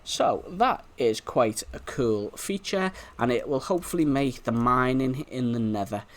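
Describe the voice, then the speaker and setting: Chatty Liverpool man with a lively voice. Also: medium pitch, measured pace. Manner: chatty, rambling, talks to in-game animals. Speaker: gameplay video host. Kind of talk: casual gameplay commentary.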